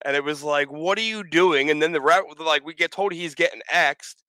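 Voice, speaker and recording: A man chatting casually, animated and often laughing as he acts out what people said. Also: on the high side, moderate pace, dry recording. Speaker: podcast guest, wrestler. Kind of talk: casual storytelling chat.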